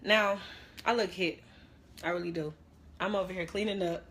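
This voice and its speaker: A woman's voice: on the low side, steady tone, normal speed, fairly bright tone, breathy edge. A young woman playing a dramatic ex-best friend who rambles through a slangy, repetitive rant on a phone livestream. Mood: subdued, hurt. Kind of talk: comedic social media live rant.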